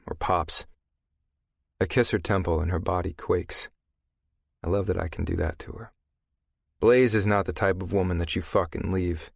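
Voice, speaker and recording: Deep, gravelly male audiobook narrator. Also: dry recording, studio quality. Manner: gruff, profane, intimate. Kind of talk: first-person audiobook narration.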